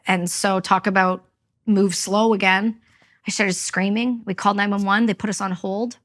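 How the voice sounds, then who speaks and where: A woman's voice: mid-range voice, steady tone, moderate pace, fairly bright tone. A woman from Canada, a veteran and guest, telling a personal story in an interview, candid and blunt.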